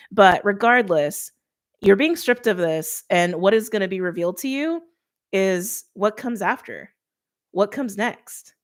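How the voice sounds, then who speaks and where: A woman giving a casual tarot reading straight to her viewers, chatty and informal, with quick laughs and lots of "like". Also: mid-range voice. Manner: talks straight to viewers by sign. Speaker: tarot reader.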